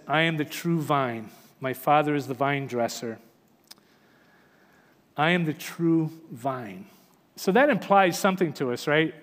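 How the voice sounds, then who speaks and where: A man with a notably high voice preaches in a church sanctuary, reading scripture and then unpacking it. His delivery is earnest and emphatic, rising and falling for stress. The sound carries a long, hall-like reverb. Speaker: pastor.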